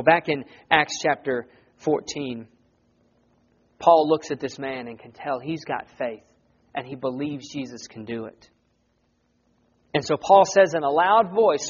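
An earnest male preacher with a fairly high voice, talking to the congregation in a plain, conversational way and building to loud emphasis. The recording sounds dull and lo-fi. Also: slightly rough. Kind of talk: sermon.

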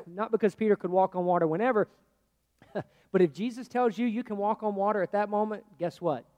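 High-voiced male preacher in an echoey hall. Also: brisk. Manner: conversational preaching, swinging from loud to hushed. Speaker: pastor. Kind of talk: sermon.

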